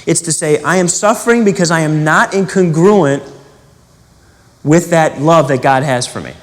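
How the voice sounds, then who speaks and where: A man giving a spiritual teaching in an animated, conversational way, asking rhetorical questions and acting out quotes. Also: on the high side, normal speed, long reverb tail.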